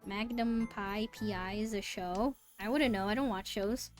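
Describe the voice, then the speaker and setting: A woman streaming live, chatting casually with her viewers, bubbly and easily excited, then dropping to soft mutters. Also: mid-range voice, unhurried, faint music behind. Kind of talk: casual live-stream chat, reading chat aloud.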